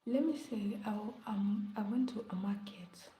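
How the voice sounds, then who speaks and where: A woman's voice: mid-range voice, moderate pace, mellow, slight background noise. A woman chatting casually on a live stream, rambling and often dropping into a whisper. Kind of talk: casual late-night live chat. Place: indoor room at home. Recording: echoey room with faint ambience.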